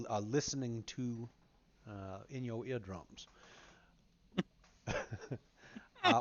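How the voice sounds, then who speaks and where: Picture a slow, silver-tongued southern half-elf bard, a courtly male advisor who charms his way through palaces, as a player puts him on. He drawls at a leisurely crawl, and the lo-fi audio sounds slightly dull. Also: medium pitch, fairly bright tone. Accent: American Southern. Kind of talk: tabletop role-play character introduction.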